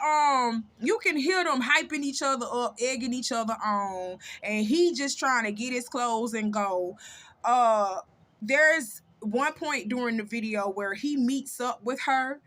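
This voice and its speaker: A woman's voice: high voice, fairly bright tone. A woman hosting a casual commentary talk, blunt and emphatic, repeating her points for weight. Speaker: commentary channel host. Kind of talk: casual true-crime commentary.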